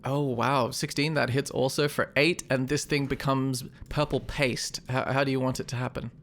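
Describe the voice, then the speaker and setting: A man running a tabletop game as game master, describing combat in a relaxed, descriptive way. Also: mid-range voice, moderate pace.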